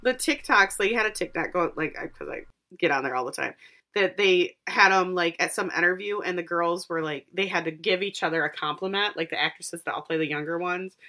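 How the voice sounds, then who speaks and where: Podcast co-host, female, bright lower-pitched voice, breezy filler-heavy recap delivery. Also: brisk. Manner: chatty, retells scenes with quoted asides and many fillers. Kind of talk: casual recap chat.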